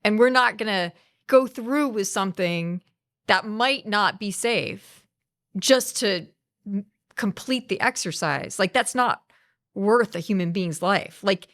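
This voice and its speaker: A woman's voice: mid-range voice, slow, a bit bright. A woman co-hosting a podcast, making her point in an earnest, emphatic way. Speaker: podcast co-host. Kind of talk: casual chat.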